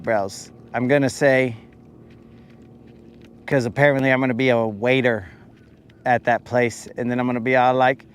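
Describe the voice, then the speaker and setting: A man's voice: medium pitch, slight background noise. A young man casually talking to viewers while fishing, joking around in playful, slangy banter. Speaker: fishing vlogger.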